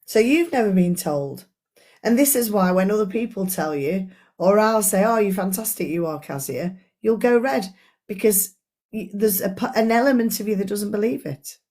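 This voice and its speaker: Lady coach chatting thru a book club live, earnest, talks right at you, middle-aged, normal pitch. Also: expressive, moderate pace, darkish tone. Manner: earnest, chatty, speaks straight to her audience. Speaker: life coach.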